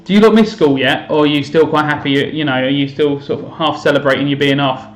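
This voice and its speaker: A man's voice: fairly high pitch, steady tone, fast, echoey room, slight background noise. A man chatting casually on a live stream while playing a game, self-mocking and thinking aloud to his viewers. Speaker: teacher streaming to students. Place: home room.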